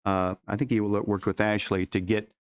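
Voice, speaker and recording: A man presenting agenda items at a school board meeting in an informal, halting way with many fillers and restarts. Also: lowish voice, flat delivery, clear, resonant tone, no echo.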